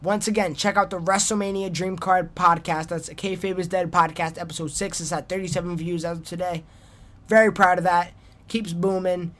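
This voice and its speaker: A man's voice: high voice, fairly even intonation, fairly quick, a bit bright. A young man hosting his own solo wrestling podcast, rambling casually and poking fun at his own awkward sign-offs. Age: young adult. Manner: rambling and self-deprecating, trailing off in restarts. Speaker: podcast host.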